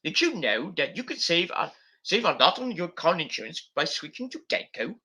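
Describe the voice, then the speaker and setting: A man's voice: a little high, very animated, moderate pace, pushed and bright, slightly rough, full character voice. A man doing a hammy old actor. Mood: mocking. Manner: hammy spoof voice doing an insurance-ad line. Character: mock impression of an older English film actor.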